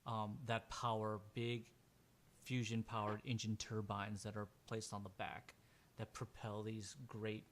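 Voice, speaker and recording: A man's voice: on the low side, completely flat delivery, unhurried. A man running a tabletop role-playing game as game master, narrating in a casual way with many fillers and restarts.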